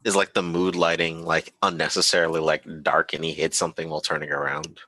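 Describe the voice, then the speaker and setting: A man's voice: rumbling low, little pitch movement, fast talker, pushed and bright, no room sound. A man playing in a tabletop game, chatting casually and joking about his character. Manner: playful, joking. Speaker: player.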